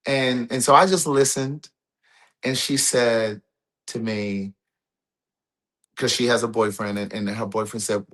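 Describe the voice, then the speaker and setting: A man's voice: mid-range voice, a little slow, pauses often, sharp tone. A man chatting casually with his live-stream audience, telling a long personal story and quoting a friend's words. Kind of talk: casual chat.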